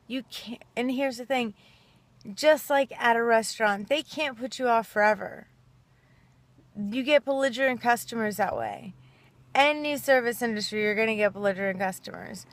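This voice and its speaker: A woman's voice: fairly high pitch, moderate pace, no echo. A woman speaking earnestly and casually to camera, rambling a little and acting out small quoted exchanges. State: choked up. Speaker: self-help video host. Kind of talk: casual heartfelt talk to camera.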